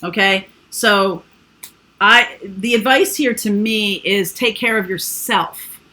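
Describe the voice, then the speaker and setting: A woman's voice: mid-range voice, slow pace, bright, forceful tone. A woman giving a casual, rambling tarot reading full of fillers and asides. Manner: chatty, rambling, with frequent fillers. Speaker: tarot reader.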